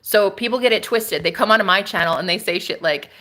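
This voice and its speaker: Sassy bright-voiced woman streamer. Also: mid-range voice, fast. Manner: sassy, laughing, talks back to viewers. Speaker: spiritual streamer. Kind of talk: casual live-stream chat.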